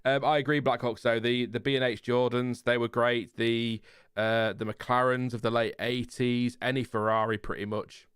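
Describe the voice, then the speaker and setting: A man with a Lincolnshire accent talks at an easy middle pitch, his calm, fairly flat voice smooth and clean. He rambles, trails off and laughs as he reads comments to his viewers. The sound is close and dry, with no room around it. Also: normal speed, dry recording. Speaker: livestream host. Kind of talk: casual chat reading live comments.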